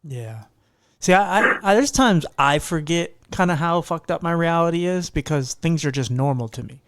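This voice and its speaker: A man's voice: fairly high pitch, animated, moderate pace, a bit bright, no echo. A man hosting a casual podcast conversation, talking in a sarcastic way and swearing freely. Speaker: podcast host.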